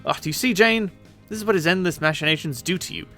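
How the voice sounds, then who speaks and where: A man's voice: high voice, fast talker, sharp tone, soft background music. A man voicing a clueless young male adventurer who rambles in a folksy, self-absorbed way, in a webcomic read aloud with voices. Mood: rambling.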